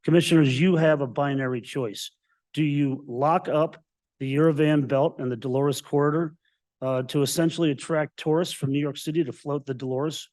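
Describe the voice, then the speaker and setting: A man's voice: medium pitch, a little mellow. A man running for Congress, from Colorado's Western Slope, reading a combative prepared public comment to county commissioners. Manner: combative, emphatic, repeated strong claims.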